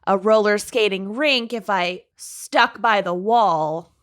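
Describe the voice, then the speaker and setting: A woman's voice: mid-range voice, takes it slowly. A woman, co-hosting a podcast in casual chat, chatty and self-deprecating, laughing easily. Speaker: podcast co-host.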